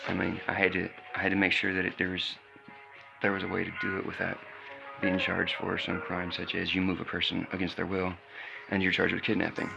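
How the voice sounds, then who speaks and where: Gravelly low-voiced man rambling. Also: monotone, fairly quick, muffled recording, over music. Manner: rambling, baby-talks to his puppies. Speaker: vlogger. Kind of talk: casual live-stream chat.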